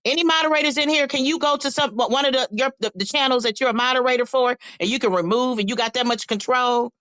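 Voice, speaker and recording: Woman on a live panel, kinda high voice, flustered and indignant. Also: fast, fairly bright tone, no room sound, rough recording. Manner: indignant, questioning, stumbles over words. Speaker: panel guest, channel moderator. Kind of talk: livestream panel discussion.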